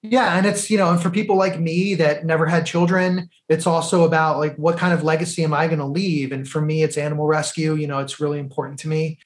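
A man's voice: a little high, steady tone, fast talker, hardly any pauses, roomy sound. A man, a podcast co-host, eagerly retelling a film plot and drawing life lessons from it in casual conversation.

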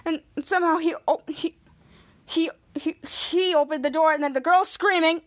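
Female podcast host with a high voice, chatty scene-by-scene TV recap. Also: moderate pace, a little hiss or hum. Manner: retells scenes line by line, quoting the characters. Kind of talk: casual TV episode recap.

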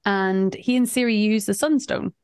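A woman's voice: mid-range voice, steady tone, moderate pace, darkish tone, clear, resonant tone, no echo, studio quality. A woman co-hosting a podcast, recapping a game in casual, chatty talk, often laughing. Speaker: podcast co-host.

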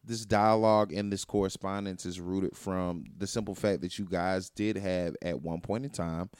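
A man co-hosting a casual podcast, measured, reasoning his point through aloud. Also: low voice, fairly even intonation, darkish tone, clean tone, no echo, studio quality. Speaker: podcast co-host.

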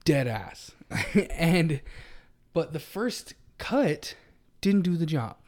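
A man co-hosting a casual podcast tells a long story. He rambles and corrects himself as he goes, in a voice pitched a little on the high side. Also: sing-song, drawn-out words, darkish tone. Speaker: podcast co-host.

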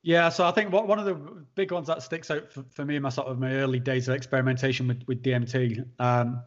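A man, a podcast guest telling a long personal story in a halting way, with many restarts and fillers. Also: medium pitch, fairly even intonation. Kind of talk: conversational storytelling. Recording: dull lo-fi sound.

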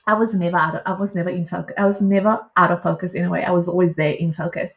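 A young woman casually telling her own birth story, animated and laughing as she acts out what she said back then. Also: on the low side, racing. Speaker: podcast guest. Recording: dull lo-fi audio.

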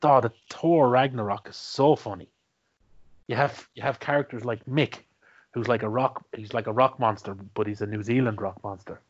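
A man's voice: mid-range voice, moderate pace, lo-fi sound. A man casually chatting about his favourite movies as a co-host. He laughs often, restarts his sentences and swears. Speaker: podcast co-host.

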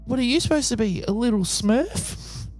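Guy doing a prim high lady voice, fussy and confused. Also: animated, moderate pace, darkish tone, faint music behind. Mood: puzzled. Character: startled middle-aged woman at her door.

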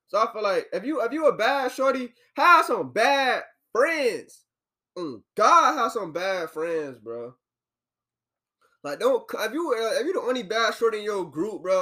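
A young man hosting a podcast from an apartment, ranting casually in loose slang. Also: high voice. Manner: loose, animated slang-heavy rant. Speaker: podcast host.

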